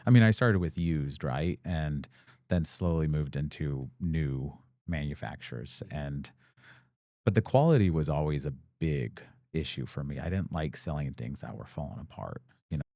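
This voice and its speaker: A man's voice: rumbling low, animated, moderate pace, vocal fry, mellow, no room sound, clean studio sound. A man, a business owner and guest, telling his story in a casual, rambling way with many fillers and acted-out quotes. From United States. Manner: rambling, full of "like" fillers, acts out quoted dialogue.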